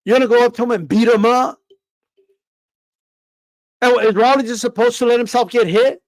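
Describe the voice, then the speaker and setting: A man's voice: very high-pitched, fairly even intonation, a little fast, no room sound. A man giving casual, opinionated boxing commentary in a rant, swearing, repeating words and firing off rhetorical questions. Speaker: boxing commentator on a live stream.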